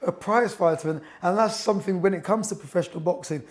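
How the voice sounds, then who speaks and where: A man's voice: high voice, fast talker. A man in his thirties, a boxing coach and author, telling stories as a chatty, enthusiastic guest in a gym. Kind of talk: casual interview chat.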